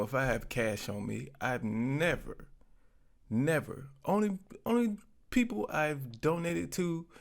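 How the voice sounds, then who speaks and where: A man hosting his own channel, commenting in a relaxed, conversational way with informal grammar. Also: fairly high pitch, creaky. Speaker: channel host. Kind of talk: casual commentary to camera. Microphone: webcam.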